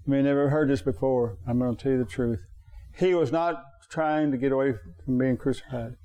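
Mellow-voiced preacher man, emphatic and repetitive. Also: fairly even intonation, fairly quick. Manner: emphatic, repeats phrases for effect; jumps higher in pitch on key points. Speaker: pastor. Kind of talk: preaching sermon.

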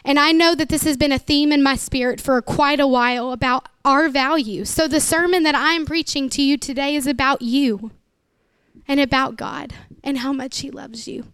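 A woman's voice: high-pitched, steady tone, moderate pace, a bit bright, no echo, studio quality. A woman pastor, preaching an emotional, emphatic sermon.

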